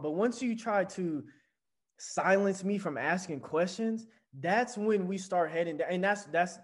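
A young man co-hosting a podcast, talking fast in casual chat with many restarts and fillers. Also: high voice. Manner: animated, talks over himself with many restarts. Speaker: podcast co-host.

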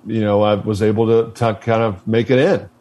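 Relaxed, profane storytelling man. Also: on the low side, normal speed. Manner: relaxed, profane, many fillers, laughs while telling stories. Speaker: interview guest, former Marine officer. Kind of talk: casual storytelling interview.

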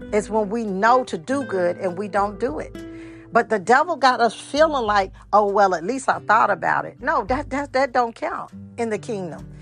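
Earnest woman preacher with a gravelly voice. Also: mid-range voice, fairly bright tone. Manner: earnest, repetitive preaching with direct questions to listeners. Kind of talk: sermon.

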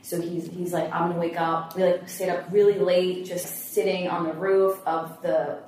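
A woman chatting casually on a podcast, telling a personal travel story in a relaxed way. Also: on the low side, a little slow. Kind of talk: casual roundtable chat. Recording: very echoey, distant from the mic, faint hiss.

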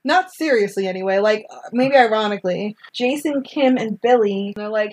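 A woman in casual chat recapping a movie, animated, laughing often and acting out characters' lines. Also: mid-range voice, moderate pace, few pauses, rough recording. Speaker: podcast co-host recapping a film.

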